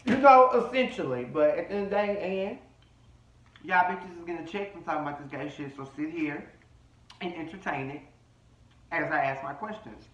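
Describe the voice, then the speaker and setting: Male commentary host, brash and catty, slightly high voice, dull echoey home recording. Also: normal speed, long pauses, fairly bright tone, distant mic. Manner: brash, profane, sassy, reading people. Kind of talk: casual reality-TV recap.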